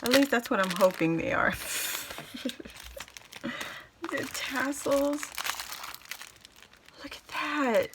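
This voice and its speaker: A woman unboxing a craft gift for her viewers in casual chat, gushing and exclaiming with delight, then slowing down to take it all in. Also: high voice, animated, noisy background. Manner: slow and drawn out between exclamations.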